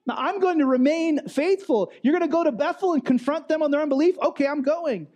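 A man's voice: very high-pitched, brisk, darkish tone, voice pushed up. A man voicing a devoted young male prophet who eagerly insists on following his teacher. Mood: eager, insistent.

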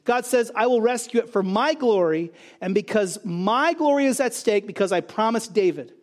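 A man's voice: high voice, animated, moderate pace. A man preaching a sermon, emphatic, asking and answering his own rhetorical questions. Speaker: pastor.

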